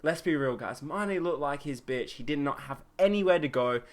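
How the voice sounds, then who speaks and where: A young man hosting a solo football podcast, excitable and opinionated, with plenty of fillers. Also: fairly high pitch, moderate pace. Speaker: podcast host. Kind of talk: solo football match review.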